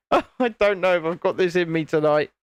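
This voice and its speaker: On a phone camera at home one evening, a British host chats casually on a livestream while building, reading chat messages aloud and laughing often. The voice is medium-pitched and expressive at a normal speed, with a clean tone and a dry recording.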